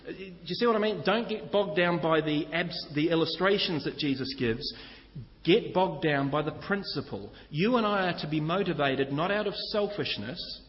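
A New pastor gives an earnest sermon, talking straight to his congregation. His voice is fairly high for a man and echoes through a large hall. The sound is slightly muffled. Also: expressive, moderate pace. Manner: earnest teaching, direct address to listeners.

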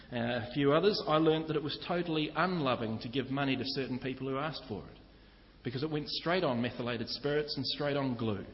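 Earnest New preacher in an echoey hall. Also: male voice, mid-range voice. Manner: earnest teaching, direct address to listeners. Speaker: pastor. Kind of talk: sermon. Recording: echoey hall, slightly dull sound.

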